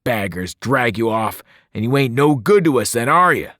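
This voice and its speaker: A man voicing a blunt, gruff teenage boy leader who talks in rough slang. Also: on the low side, big pitch swings, measured pace, no echo, studio quality. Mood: shouting. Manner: slangy, dropping words, rough.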